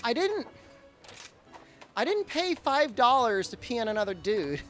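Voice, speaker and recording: A man chats casually on his live game stream, telling a rambling tale. His voice rises and falls with lively swings, and he leans on fillers and restarts. Faint music plays behind him. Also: extremely high pitch, a little slow.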